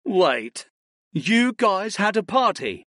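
A man's voice: fairly high pitch, very animated, fast, fairly bright tone, dry recording, clean studio sound, full character voice. A man voicing a playful adult male earth mage who teases his friends with mock drama. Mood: mock-hurt. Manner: mocking, theatrical teasing.

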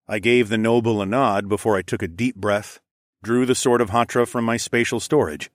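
A man narrating a first-person fantasy story in a steady, descriptive storytelling voice. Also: mid-range voice, dry recording, studio quality. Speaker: audiobook narrator.

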